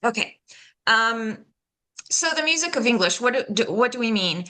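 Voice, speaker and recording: A woman leading a pronunciation workshop, patiently explaining and slowly demonstrating sounds, checking in often with "okay?". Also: on the high side, expressive, sharp tone. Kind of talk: live online workshop teaching.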